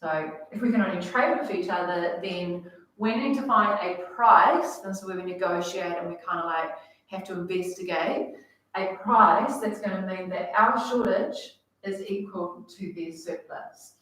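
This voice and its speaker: A woman's voice: fairly low pitch, unhurried, fairly bright tone. A woman explaining economics to a class in a casual, chatty way, full of fillers. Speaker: economics teacher. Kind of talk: classroom lecture. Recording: echoey room, voice from far off.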